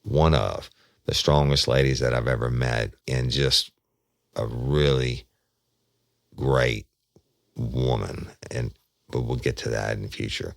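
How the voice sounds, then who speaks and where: A man's voice: a bass voice, fairly even intonation, takes it slowly, creaky, long pauses, no echo, studio quality. A man, a retired detective hosting a podcast, telling a true crime story in an earnest, folksy way. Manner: folksy, earnest, speaks straight to listeners.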